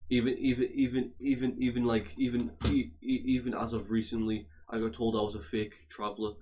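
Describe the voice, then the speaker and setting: A man's voice: medium pitch, level tone, a little fast, dark tone, lo-fi sound, a little hiss or hum. A young man from England ranting casually to camera, rambling and argumentative, with lots of restarts and repeated words.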